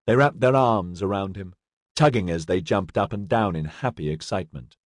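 A man narrating a science fiction audiobook in an expressive, dramatic reading style. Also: fairly low pitch, fairly quick, dry recording, studio quality. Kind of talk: scripted narration.

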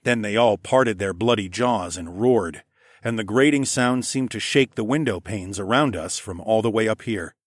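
A man narrating a first-person story in a steady, measured way. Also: on the low side, dry recording, studio quality. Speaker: audiobook narrator.

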